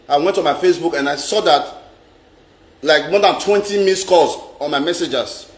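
A man's voice: fairly high pitch, expressive, moderate pace, pauses often. Boastful Nigerian man ranting in an echoey room. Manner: dramatic, repetitive and boastful. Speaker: vlogger. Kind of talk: casual storytelling rant. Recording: roomy echo.

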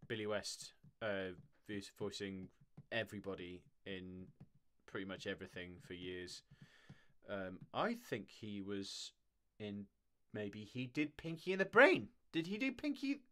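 A man's voice: on the low side, expressive, a little slow, fairly bright tone. Chatty, laughing male streamer. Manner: chatty and rambling, laughs often. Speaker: streamer and voice actor. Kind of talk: casual live-stream chat.

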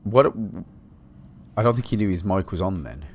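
A man from Britain giving excitable, swear-heavy let's play commentary, talking to himself as he plays. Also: sits low, moderate pace, slight background noise. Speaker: gaming channel host.

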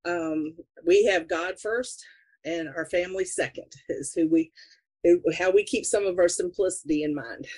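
A woman's voice: lowish voice, normal speed, a little mellow. A middle-aged woman with a Southern US accent, a pastor speaking as a guest on a podcast, friendly and laid-back in casual chat. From southeastern United States.

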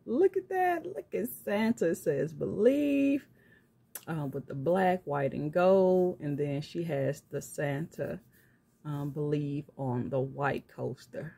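A woman's voice: deep voice, lively intonation, slow pace, vocal fry, warm tone, husky. A woman hosting a craft vlog from home, gushing with thanks and laughing often as she unboxes gifts. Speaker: craft channel host opening gifts. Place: at home, filming on a tripod. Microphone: camera on a tripod.

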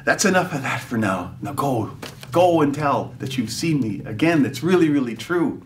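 A man voicing a gentle, calm grown man speaking kindly in a children's chapel story. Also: mid-range voice, moderate pace, distant mic, slight background noise, lightly acted.

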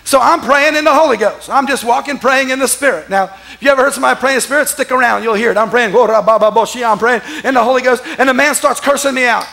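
High, gravelly preacher man. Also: fast talker, few pauses. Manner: animated, laughing and breaking into shouts. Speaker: pastor. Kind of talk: sermon storytelling. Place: church.

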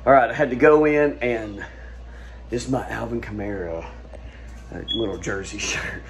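A man filming an excited sports reaction video at home at night, overexcited and repeating his exclamations. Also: medium pitch, moderate pace, a little hiss or hum. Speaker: sports fan vlogger.

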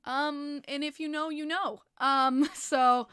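Casting: woman, upbeat stream host, a bit high-pitched, swears casually, dry studio sound. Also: slow pace, no room sound. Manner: excitable, swears freely, laughs often. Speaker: hockey podcast host. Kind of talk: casual live-stream chat reading viewer comments. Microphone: plugged-in desk microphone.

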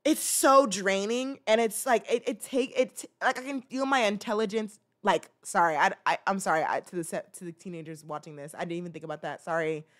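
With a medium-pitched voice, this twentysomething podcast host talks a little fast and barely pauses. Her casual commentary turns into an animated rant full of restarts.

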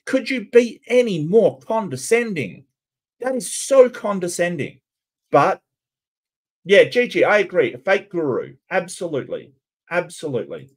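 A man's voice: sits high, big pitch swings, unhurried, husky. A man hosting casual reaction commentary, incredulous and questioning, with frequent restarts. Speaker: commentary host.

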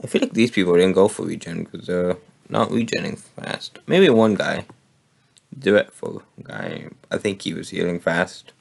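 A man hosting a gaming video, casually commenting on his play, his voice a bit hoarse. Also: sits low, normal speed. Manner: relaxed, thinking aloud while playing. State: slightly hoarse.

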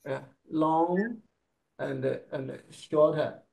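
A male Chinese pronunciation teacher whose first language is Chinese, speaking English in short broken phrases and modeling sounds slowly. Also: a little high, gravelly, a little mellow. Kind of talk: one-on-one lesson.

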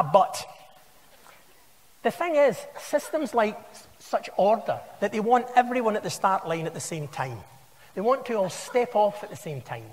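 A man in his sixties with a Scottish accent, giving a wry, anecdotal conference talk in a large hall. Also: sits high. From Scotland. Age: 60s. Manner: wry, anecdotal, conversational storytelling. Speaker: conference speaker. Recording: long hall reverb.

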